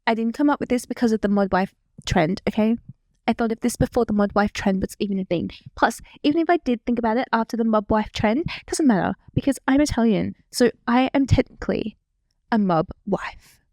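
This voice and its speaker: A woman's voice: on the high side, fairly quick, darkish tone, no room sound. A young woman in her twenties rambles happily as she reacts to her old clips. She is chatty and self-mocking. Her voice is recorded dry and close, with no room sound. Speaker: vlogger. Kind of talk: casual reaction chat.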